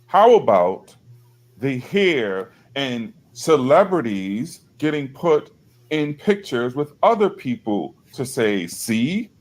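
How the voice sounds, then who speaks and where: A man's voice: medium pitch, sing-song, slow pace. A man hosting his own video channel, talking casually and reading aloud from a page, with loose asides, apologies and some swearing. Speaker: channel host.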